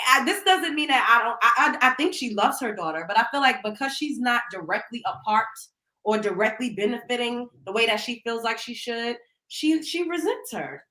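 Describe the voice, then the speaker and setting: Animated outspoken woman, echoey room. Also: on the high side, normal speed. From Brooklyn, New York. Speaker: host. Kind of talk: casual celebrity gossip chat.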